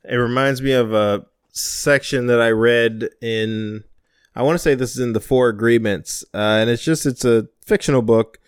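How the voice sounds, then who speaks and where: Casting note: young man, interviewer, rambling and thoughtful, lower-middle voice, close dry sound. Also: moderate pace, clean tone, no echo. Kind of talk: casual conversation.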